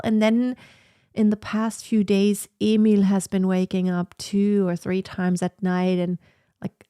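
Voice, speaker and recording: A woman's voice: medium pitch, dark tone, smooth, no room sound, clean studio sound. A woman in her thirties chatting casually and reflectively on a sit-down livestream from her home office, with lots of fillers. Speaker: vlogger.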